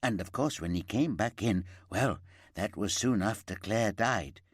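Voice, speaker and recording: A man's voice: lowish voice, measured pace, no room sound, studio quality. A man voicing a chatty middle-aged woman shop worker who rambles and gossips. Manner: gossipy, rambling, eager to help. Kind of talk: audiobook character voice.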